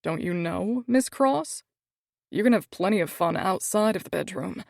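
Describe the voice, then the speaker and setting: A woman voicing a grumpy, controlling young man with a low raspy tone, speaking curtly in an audiobook. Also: expressive, normal speed, a little mellow, no room sound, studio quality. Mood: brooding. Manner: curt, commanding.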